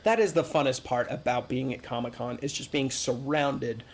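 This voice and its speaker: A man's voice: medium pitch, normal speed. A man hosting a casual fan chat, joking around and talking with enthusiasm. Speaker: host.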